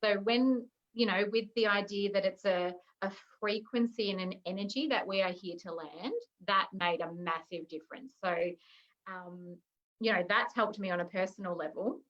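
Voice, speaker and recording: A woman guest answers interview questions casually, searching for words and often reaching for fillers. Her voice comes through dull and lo-fi. It sits at a middle pitch. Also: moderate pace, fairly bright tone.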